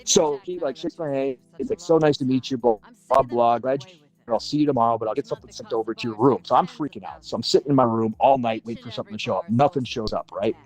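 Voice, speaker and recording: A man in his forties from Minnesota, with a voice of ordinary middle pitch, recounts a personal story in casual livestream chat. He swears freely and jumps into the voices of the people in his tale, keeping the telling lively. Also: fast, faint music behind. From Minnesota, USA. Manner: animated, swears casually, acts out other people's lines. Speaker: livestream panelist.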